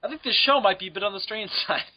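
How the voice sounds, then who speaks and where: A man's voice: sits high, fast, pushed and bright. A young man co-hosting a crude comedy podcast, laughing often and slipping into silly voices. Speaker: podcast co-host.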